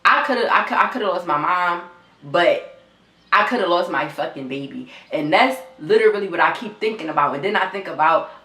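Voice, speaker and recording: Young woman vlogger, low voice, near tears, raw and repetitive, echoey room. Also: animated, fairly quick, sharp tone, faint music behind. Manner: raw, repetitive, swears often, talks straight to viewers. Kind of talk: emotional storytime vlog.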